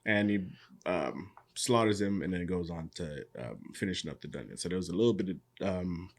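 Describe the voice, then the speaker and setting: A man with a somewhat low voice chats casually on a podcast, recapping a show scene by scene. He drops into quick impressions of the characters as he goes, then slides back into relaxed storytelling. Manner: animated storyteller, acts out characters' lines. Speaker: podcast co-host. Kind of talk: casual chat recapping an anime episode.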